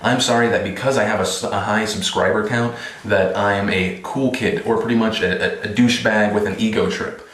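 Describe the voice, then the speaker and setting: A man's voice: fairly low pitch, level tone, brisk, fairly bright tone, roomy sound, poor audio. A man in his twenties making a casual, sarcastic vlog, delivering a string of mock apologies. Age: 20s. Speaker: vlogger.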